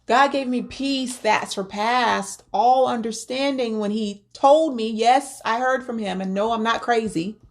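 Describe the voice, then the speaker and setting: A woman's voice: on the high side, unhurried, few pauses. A woman vlogger giving earnest, faith-based advice on grief, often repeating words as she searches for them. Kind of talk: personal spoken advice.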